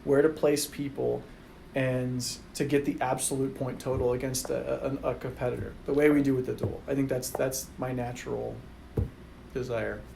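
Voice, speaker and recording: Male guest or host, conversational, rambling delivery, mid-range pitch, faint background noise. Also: little pitch movement, normal speed, vocal fry, mellow, poor audio. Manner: rambling, with restarts. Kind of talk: casual podcast chat.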